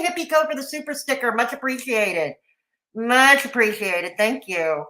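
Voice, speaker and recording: A woman streamer reacts to a clip with biting sarcasm and casual swearing, breaking off to thank viewers. Her voice sits on the high side and sounds bright and forceful. The room around her is echoey. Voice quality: sarcastic, profane, talks back to the clip.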